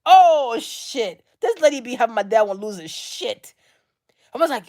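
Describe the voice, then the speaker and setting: A woman vlogger delivering an unscripted rant, blunt and heavy on the swearing. She leans on slang and circles back to the same lines again and again. Her voice sits slightly higher than average. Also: lively intonation, normal speed, mellow. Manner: blunt, profane, repetitive, slangy. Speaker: vlog host.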